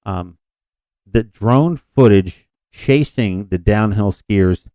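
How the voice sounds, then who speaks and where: In casual podcast chat, a male co-host with a lowish, dark, clean-toned voice speaks slowly and rambles, often putting himself down and restarting his sentences. There's no room sound.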